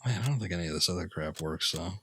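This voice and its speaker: A man's voice: low voice, expressive, quick pace, sharp tone, husky. A man streaming a video game, giving laid-back, jokey commentary and laughing often. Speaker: gaming streamer. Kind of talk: casual let's-play commentary. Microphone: headphones and desk mic.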